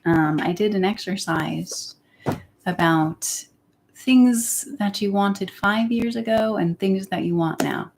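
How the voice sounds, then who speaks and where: A woman's voice: mid-range voice, takes it slowly, vocal fry, darkish tone, a little hiss or hum. A young woman chatting candidly on her livestream, rambling and sometimes dropping into a whisper. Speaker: YouTuber. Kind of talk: casual livestream chat.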